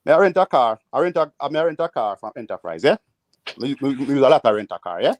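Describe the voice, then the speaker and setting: Jamaican guy rattling off stories in patois, quick, dry close sound. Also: mid-range voice, no echo. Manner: animated, rambling anecdotes in patois. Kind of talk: casual storytelling. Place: living in the United States.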